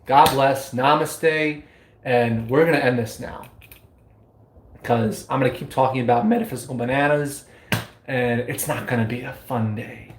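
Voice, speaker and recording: A man's voice: mid-range voice, animated, slow pace, long pauses. A man chatting on a spiritual live stream, playful and giddy, breaking into whoops and laughter. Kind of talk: casual live stream chat. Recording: echoey room.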